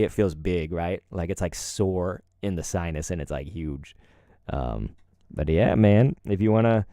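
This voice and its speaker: Sick with a cold, this male streamer and voice actor chats loosely with his live audience, his throat sore and his nose stuffed up, laughing softly between tangents. His voice sits lowish and dark, recorded dry at studio quality.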